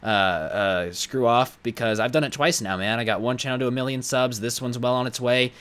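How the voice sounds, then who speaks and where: A young man telling a storytime vlog in a blunt, animated, profane way. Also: medium pitch, a little fast, smooth. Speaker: YouTuber.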